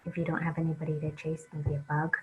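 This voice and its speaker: A woman teaching an early reading lesson, reading aloud slowly and patiently for young children to follow along. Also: low-pitched, completely flat delivery, narrow, tinny audio, faint music behind.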